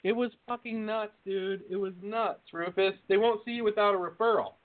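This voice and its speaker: A man's voice: high-pitched, fairly even intonation, fairly quick, no room sound. A man co-hosting a podcast, telling a story in a heated, profane way during casual chat. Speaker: podcast co-host. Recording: tinny phone-like line, dry.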